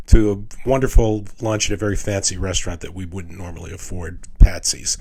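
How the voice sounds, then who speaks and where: An older man giving a casual lecture as a retired architect, telling personal stories in a halting, rambling way with restarts. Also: low voice, steady tone, a little mellow, husky. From New York City. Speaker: retired architect teaching a class.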